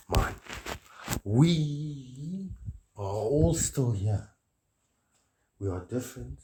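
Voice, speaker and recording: A man's voice: on the low side, darkish tone. A man delivering a rambling, grandiose monologue, preachy and swearing often.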